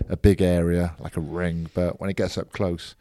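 A man's voice: sits low, flat delivery, moderate pace, dark tone, dry recording, clean studio sound. A man joking and teasing his co-host in a casual podcast chat.

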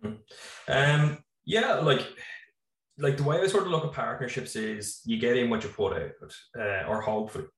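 Mid-range in voice and moderate in pace, an Irish farmer and business founder in his thirties chats relaxedly on a video call, rambling and dropping lots of fillers. The computer mic is a little distant and the room echoes.

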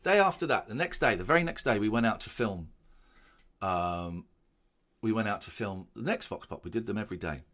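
A man reminisces in a loose, animated chat. His voice is bright and swoops up and down. Now and then he slips into silly voices. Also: fairly low pitch, fairly quick. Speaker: comedian commenting on his old show. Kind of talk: casual chat.

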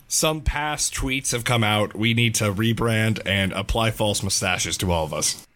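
A man's voice: mid-range voice, a bit bright, slight background noise. A man co-hosting a podcast in casual chat, playful and rambling, with a groggy morning voice. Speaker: podcast co-host.

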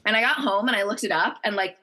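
A novelist guest chats enthusiastically in a casual interview, using frequent fillers. She talks fast in a medium-pitched voice that sounds pushed and bright.

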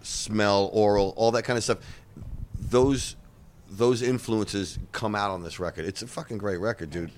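A man's voice: on the low side, steady tone, a little slow, a little hiss or hum. A man hosting a casual chat, laid-back and encouraging, swearing freely. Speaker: host.

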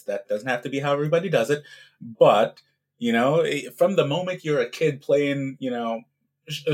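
A man who is a guest on a podcast, talking casually about his amateur cycling in a relaxed, chatty way, often checking in with "right?". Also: fairly high pitch. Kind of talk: casual interview talk.

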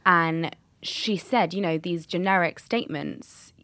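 Woman, podcast host, measured, thoughtful, slightly low voice. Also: a bit bright, no echo. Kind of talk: casual chat.

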